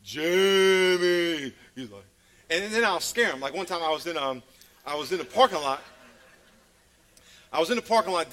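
Male preacher, high voice, playful storyteller, swings from loud to hushed. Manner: storytelling, playful, laughs at his own stories; sudden loud calls and drops to a hush. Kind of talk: sermon.

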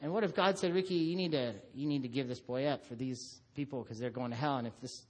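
A middle-aged man preaching a sermon, telling stories about his son and acting out voices. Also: quick pace. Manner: animated storytelling, acts out his son in a high voice. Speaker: pastor.

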